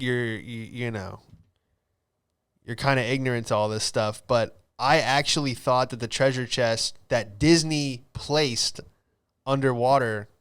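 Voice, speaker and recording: Laid-back young man, smooth voice. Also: medium pitch, a bit bright. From Florida. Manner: laid-back, rambling storytelling with slang. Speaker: podcast host. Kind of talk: casual solo podcast chat.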